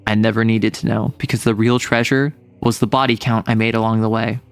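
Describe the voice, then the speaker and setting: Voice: medium pitch, little pitch movement, brisk, smooth, soft background music. A young adult streamer chatting casually with chat, playful and teasing, reading messages aloud. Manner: playful, teasing, lots of laughs and mock threats.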